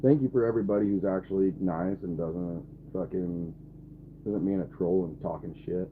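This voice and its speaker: A man's voice: low-pitched, normal speed, a little hiss or hum. A man in his twenties live streaming and talking to his chat, blunt and irritated, swearing often. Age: 20s. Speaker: livestreamer. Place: camper. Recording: tinny phone-like audio, faint ambience.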